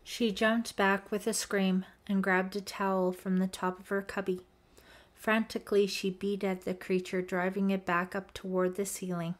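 A woman narrating a teen horror audiobook in a measured, suspenseful reading. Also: medium pitch, level tone. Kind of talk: scripted narration.

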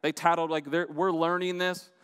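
A male pastor delivers a relaxed, conversational sermon in a fairly high voice. He keeps checking in with his listeners by asking "right?". The sound carries a long reverb tail, as in a large church sanctuary. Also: normal speed, clean tone. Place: church auditorium.

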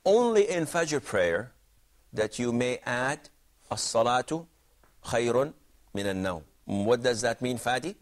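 A man's voice: medium pitch, animated, measured pace. A man teaching a religious jurisprudence class, explaining points and quizzing students by name. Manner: questioning, explanatory, repeats himself. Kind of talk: classroom lesson with questions to students.

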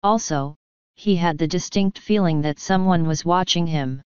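A woman narrating an audiobook in a calm, even storytelling manner. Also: fairly low pitch, normal speed, smooth, no room sound, highs cut off. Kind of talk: scripted narration.

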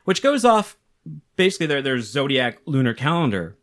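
A man's voice: mid-range voice, big pitch swings, normal speed, a bit bright. A man co-hosting a podcast in casual chat, explaining facts in a chatty, teasing way. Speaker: podcast co-host.

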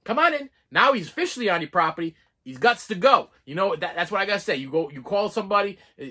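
Excitable man rambling through reviews. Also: high-pitched, a little fast. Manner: excitable, rambling, with many restarts and fillers. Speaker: movie reviewer. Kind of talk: casual video review.

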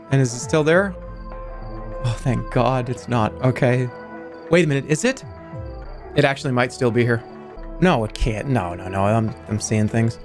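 A man in his thirties streams games live and talks to his chat with excitable exasperation, swearing and bursting into high-pitched outbursts as he commentates.

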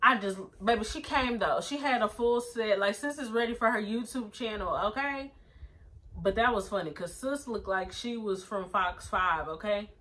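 A woman's voice: medium pitch, moderate pace, fairly bright tone, rough recording. A woman chatting casually as she recaps a TV episode, sassy and slangy, with lots of "like" and "um". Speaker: TV episode reviewer. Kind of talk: casual chat.

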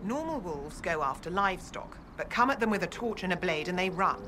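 A woman's voice: lowish voice, lively intonation, brisk, close to an everyday voice. An actress playing a grim, weary woman who leads farmers in a video game, speaking stern and matter-of-fact. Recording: game audio with background noise.

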